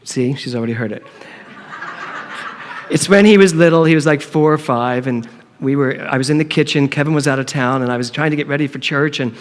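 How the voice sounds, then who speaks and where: A middle-aged man preaching a sermon, telling a humorous story and acting out the dialogue in a playful, animated way. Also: mid-range voice, fairly quick. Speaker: minister. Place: church sanctuary. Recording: long reverb of a hall.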